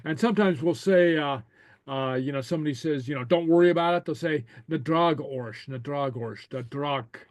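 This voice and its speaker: With a medium-pitched voice, a male teacher runs an easygoing language class, speaking slowly and tentatively, peppering in okays and quiet chuckles while pronouncing new words for students to repeat. The recording is dry.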